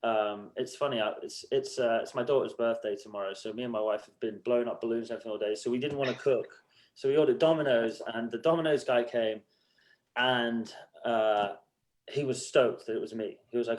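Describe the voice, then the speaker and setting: A man's voice: medium pitch, fairly quick. A man from the United Arab Emirates, a musician guest on a casual podcast, telling stories and acting out quotes with swearing. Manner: animated storyteller, acts out quotes, swears freely.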